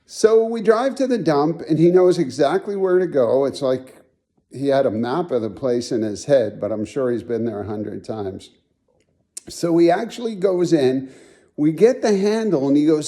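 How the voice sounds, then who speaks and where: A man's voice: a little high, moderate pace. A man telling funny stories about a late friend, acting out the voices in his anecdotes. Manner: folksy, animated storyteller acting out quotes. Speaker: friend giving a tribute. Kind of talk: storytelling tribute.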